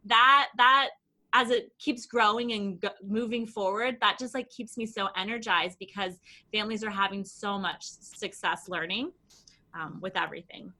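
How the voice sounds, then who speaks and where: Bright, eager woman guest. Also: medium pitch, steady tone. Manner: enthusiastic, quick, many restarts and "like". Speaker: guest, language program founder. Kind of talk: casual podcast interview.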